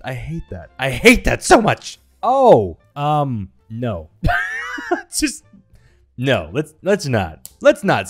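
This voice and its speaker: A man from the United States giving casual commentary on images, laughing often and exclaiming in disgust. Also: medium pitch. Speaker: reaction video creator.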